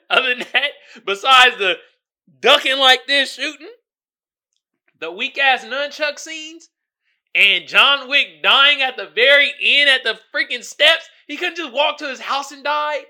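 A man with a high voice hosts his own podcast, riffing loosely and animatedly in slangy street talk. His tone is very bright and sharp, and laughter breaks into his rambling commentary again and again. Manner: animated, joking, laughs often. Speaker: podcast host. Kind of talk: casual solo commentary.

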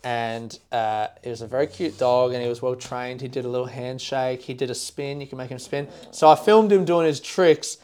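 A man's voice: medium pitch, normal speed, hardly any pauses, clear, resonant tone. A young adult man, chatting casually on a podcast and telling stories with plenty of swearing. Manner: swears freely, animated storytelling. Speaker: comedian guest.

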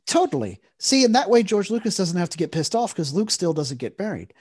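A man co-hosts a casual podcast chat, rambling along with plenty of fillers. His pitch swings up and down a lot as he gets going. The sound is dry and close. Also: very animated, fairly quick, a little mellow, slightly rough, no echo. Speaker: podcast co-host.

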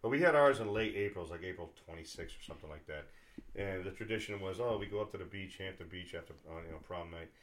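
A man's voice: deep voice, quick pace, a little hiss or hum. A middle-aged man from New England with a Boston-area accent, hosting a podcast in casual, rambling chat full of fillers and restarts. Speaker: podcast host.

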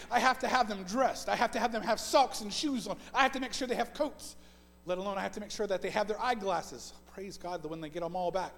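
A male pastor preaching a conversational sermon, swinging between loud emphatic bursts and soft, hushed stretches, often piling up repeated phrases. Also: extremely high pitch. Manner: repetitive, list-like delivery. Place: church sanctuary. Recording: long reverb of a church hall.

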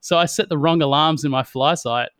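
A young Australian man, a professional wingsuit pilot, telling stories in a relaxed, slangy way and laughing often. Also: on the high side, fairly quick, smooth, no room sound, clean studio sound. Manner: laid-back storytelling, slangy, laughs often. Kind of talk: casual chat.

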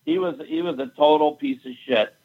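A man's voice: on the high side, wildly swooping pitch, brisk, vocal fry, slightly rough, phone-quality sound. Blunt profane man telling a story. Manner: blunt, profane, recounting quarrels with rising heat. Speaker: fight event promoter. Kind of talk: casual storytelling.

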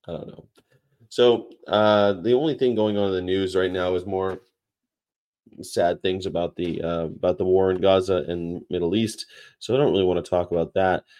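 A man's voice: deep voice, fairly even intonation, moderate pace, darkish tone. A man hosting a livestream, chatting casually and rambling between topics and read-aloud definitions. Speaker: livestream host.

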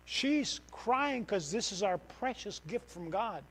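Middle-aged missionary guy preaching in church, high voice, gets loud then goes real quiet. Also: takes it slowly, rough recording. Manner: animated, swings from loud outbursts to quiet. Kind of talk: sermon.

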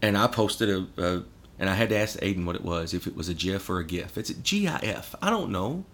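A man's voice: deep voice, fairly quick, a little hiss or hum. A man in casual chat, telling stories with lots of swearing and acted-out quotes. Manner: animated storyteller, swears a lot, acts out quotes. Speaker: podcast guest.

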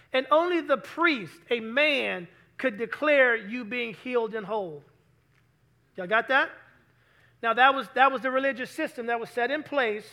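A man preaching in church as pastor has a strikingly high voice with a bright, forceful tone. As he gives his sermon, he keeps calling out questions to the congregation.

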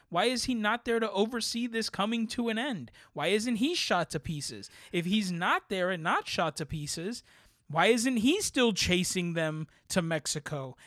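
Animated higher-voiced man reviewing a film. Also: dry recording, clean studio sound. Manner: animated, rambling, asks "right?" a lot. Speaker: podcast co-host. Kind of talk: casual movie review chat.

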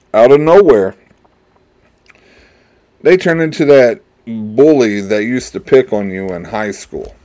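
A man's voice: fairly low pitch, warm tone, clean tone. A middle-aged man hosting his own show, talking in a rambling, digressive monologue with wry complaints as a father. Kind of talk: casual monologue.

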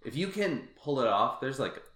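Bright-voiced chatty male podcast host. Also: medium pitch, very animated, normal speed. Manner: chatty, lots of "like" and "um" fillers. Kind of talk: casual chat. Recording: roomy echo.

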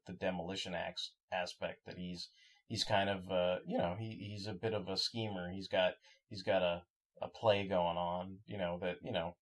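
Low-voiced man rambling on a podcast. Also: fairly bright tone. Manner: halting, many restarts and fillers. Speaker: podcast co-host. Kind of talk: casual chat.

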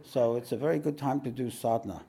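A man, a spiritual teacher, telling a story to a meditation audience in a rambling way, often clearing his throat and using fillers. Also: mid-range voice, quick pace, warm tone.

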